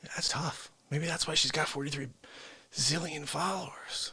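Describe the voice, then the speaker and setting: A man's voice: a little high, fairly even intonation, a little slow, sharp tone. A man hosting a live variety show, chatting casually and joking at his own expense while out of breath. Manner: playful, self-mocking, upbeat. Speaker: host.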